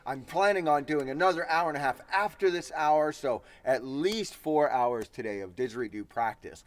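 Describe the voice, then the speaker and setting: A man's voice: on the high side, normal speed. A man co-hosting a casual didgeridoo practice lesson, talking in a rambling, chatty way. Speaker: didgeridoo teacher and co-host. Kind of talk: casual instructional chat.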